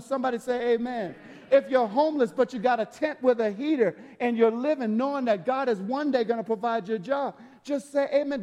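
A man preaching a sermon, telling stories with lively swings from shouts to hushed asides. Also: very high-pitched. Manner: animated storytelling, swings from loud to hushed. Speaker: pastor. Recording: long echoing hall reverb.

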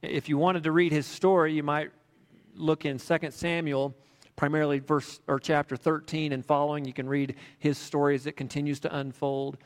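A man preaching a sermon in a relaxed, conversational way, telling stories with frequent fillers. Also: fairly high pitch, moderate pace. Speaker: pastor. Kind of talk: sermon with storytelling. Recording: long hall reverb.

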